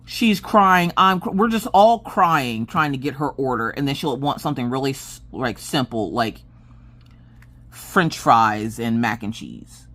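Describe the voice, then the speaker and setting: Southern lady vlogging a storytime, low voice but super lively, jumps around a lot, kinda exasperated. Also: measured pace. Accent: Southern American. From American South. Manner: animated, acts out family members' lines with big pitch jumps and exasperated whispers. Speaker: craft vlogger. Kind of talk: casual storytime chat.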